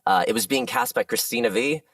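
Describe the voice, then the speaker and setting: A man who works as a voice actor, chatting as a guest in a casual podcast interview and telling animated stories with frequent laughs. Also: mid-range voice, brisk, vocal fry, no echo, recorded from a distance.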